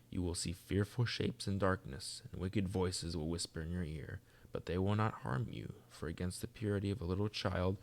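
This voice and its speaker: A weary, centuries-old ghost from a storybook, as a man puts him on, sad and lonely. His deep, gravelly voice moves slowly and dreamily, low and heavy with longing. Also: darkish tone. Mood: solemn.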